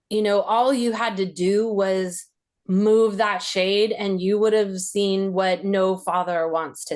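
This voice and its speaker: A podcast host, a woman with a medium-pitched voice, recalls a personal memory during an interview. She's reflective and halting, using many fillers, and her voice rises as she relives the tense moments.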